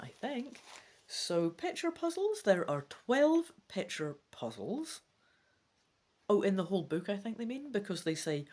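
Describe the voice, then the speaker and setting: Hosting a let's play, a woman with a husky, mid-range voice reads a gamebook's rules aloud. Between sections she thinks out loud, frequently slipping into soft muttering.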